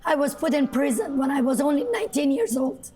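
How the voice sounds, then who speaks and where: A woman with an Iranian accent speaking hoarsely after losing her voice, giving an impassioned live TV interview as a guest journalist. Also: sits high, expressive, a little fast, warm tone. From Iran. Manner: impassioned, emphatic. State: hoarse, lost voice.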